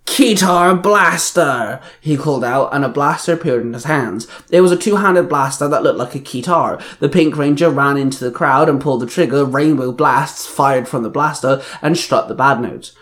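A man's voice: mid-range voice, brisk, hardly any pauses. A man reading an action story aloud, plainly, with small slips and restarts. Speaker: reader. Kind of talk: reading fan fiction aloud.

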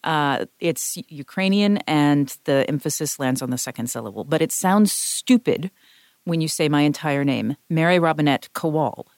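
A woman's voice: sits low, expressive, normal speed, darkish tone, no echo, studio quality. A woman co-hosting a podcast discussion, a voice actor who explains her points thoughtfully with worked examples.

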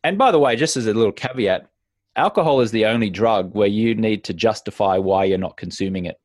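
A man's voice: on the low side, a little fast, no echo. Emphatic man giving sobriety advice, dry sound. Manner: animated, acts out little scenes in other voices; emphatic, repeats key points. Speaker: sobriety coach. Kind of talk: conversational podcast advice.

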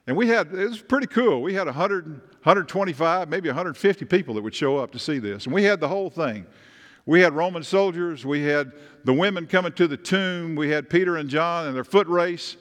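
Higher-voiced pastor preaching. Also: male voice, lively intonation, brisk. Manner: conversational, asks the congregation questions. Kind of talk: sermon. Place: church sanctuary. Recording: long reverb of a church hall.

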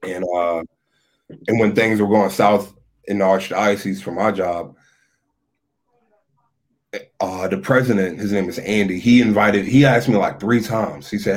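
A man with a very deep, low voice talks casually on a podcast as a guest. He tells his story in a loose, relaxed way, leaning on filler words as he goes. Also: measured pace, pauses often. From Philadelphia area. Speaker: podcast guest, youth minister.

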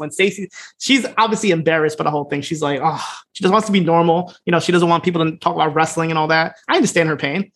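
A man's voice: a little high, fairly even intonation, a bit bright. A man co-hosting a podcast, loosely retelling an episode in casual chat and acting out the lines he quotes. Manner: fast, loose retelling with voiced quotes and laughs. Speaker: podcast co-host.

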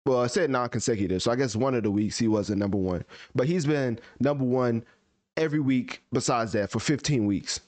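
A man's voice: mid-range voice, brisk, darkish tone, no echo. Talkative man breaking down chart numbers. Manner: talkative, opinionated, reasons through chart numbers aloud. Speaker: music review podcast host. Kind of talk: casual album review chat.

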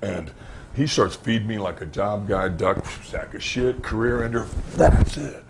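Animated man telling wrestling stories. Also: on the low side, measured pace, gravelly, heavy background noise. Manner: animated storyteller who acts out quoted dialogue. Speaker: retired pro wrestler recounting his career. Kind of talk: interview storytelling.

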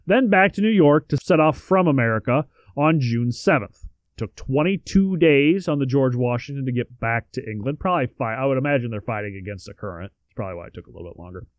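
A man's voice: mid-range voice, dry recording, highs cut off. A man co-hosting a podcast, reading out history in a casual way with joking asides and the odd swear word. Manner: reads facts then adds joking asides and swearing. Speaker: podcast co-host.

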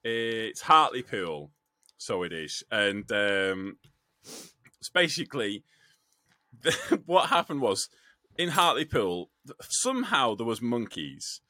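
A young man chatting on a podcast, swearing often and laughing as he rambles through a story. His voice is bright and swings up and down a lot. The recording is close and dry. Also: mid-range voice, very animated, slow pace, dry recording. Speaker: podcast co-host. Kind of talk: casual chat.

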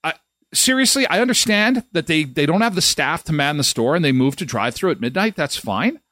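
A middle-aged show host tells a funny story in a loose, chatty way. His voice sits a bit high for a man and swings widely, leaping up when he gets worked up. The sound is close and dry, with no room echo. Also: fairly quick. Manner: animated, voice jumps up when retelling indignant moments. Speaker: host of a live daily show. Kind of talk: casual comedic storytelling.

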